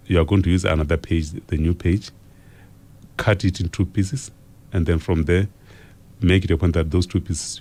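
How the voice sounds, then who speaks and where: A man with a South African accent teaching an exam revision lesson on radio, slow and repetitive as he dictates key phrases. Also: low-pitched, a little mellow.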